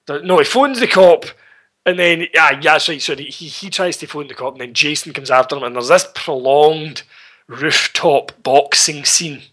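Sweary bright-voiced man. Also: a little high, normal speed. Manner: sweary, rambling, chuckling. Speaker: podcast co-host. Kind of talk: casual film recap chat.

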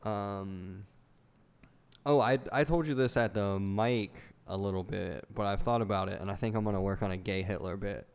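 A man's voice: fairly low pitch, normal speed, creaky, smooth. A man co-hosting a casual comedy podcast, joking crudely and laughing often, recorded on a phone. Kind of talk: casual chat.

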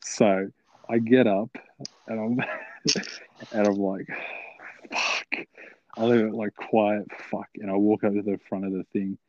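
A man's voice: on the low side, flat delivery, a little slow, darkish tone, no echo, highs cut off. A young man telling a long story, rambling and swearing, full of fillers. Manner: rambling, profane, filler-heavy. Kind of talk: casual storytelling.

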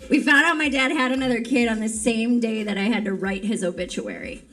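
High-voiced woman doing a stand-up bit, dry sardonic punchlines, sounds far off with music under it. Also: expressive, normal speed, a bit bright. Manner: punchy, sardonic joke delivery. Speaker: stand-up comedian. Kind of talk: stand-up comedy set.

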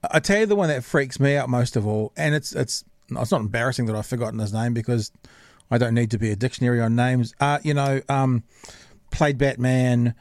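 Chatty podcast host, dry sound. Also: male voice, mid-range voice, a little fast, dry recording. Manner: rambling, searching for words. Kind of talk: casual chat.

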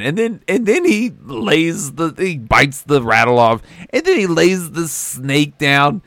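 A man's voice: fairly high pitch, very animated, slow, hardly any pauses, fairly bright tone, no echo, studio quality. A man co-hosting a movie podcast, rambling in casual review chat with frequent restarts and swearing. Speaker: podcast co-host.

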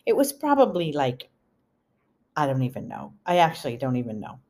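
A middle-aged woman hosting a podcast, telling a family story in an animated, chatty way full of asides. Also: sits low, brisk. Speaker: podcast host. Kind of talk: storytelling monologue.

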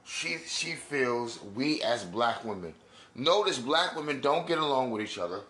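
Scornful ranting man, bright and roomy. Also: medium pitch, expressive, moderate pace. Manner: scornful, preachy and emphatic. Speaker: commentator reacting to clips. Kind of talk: ranting video commentary.

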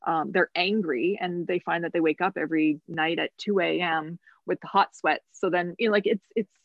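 A woman's voice: lowish voice, steady tone, normal speed, vocal fry, no room sound, muffled recording. A woman guest on a podcast, talking casually about her bodywork practice, laughing often and thinking aloud with restarts. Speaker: guest, massage therapist and medical intuitive.

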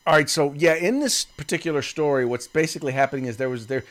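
A man co-hosting a casual podcast, talking in an animated, rambling way with many restarts. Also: a little high, fast. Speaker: podcast co-host.

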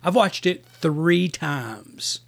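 A man's voice: fairly high pitch, expressive, extremely slow, vocal fry. A man co-hosting a casual movie review podcast, telling rambling, self-interrupting stories and stating firm opinions.

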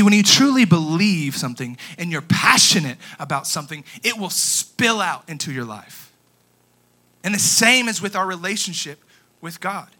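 Energetic young man preaching a sermon. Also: high-pitched. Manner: energetic storytelling, swings from quiet to shouting. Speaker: youth pastor.

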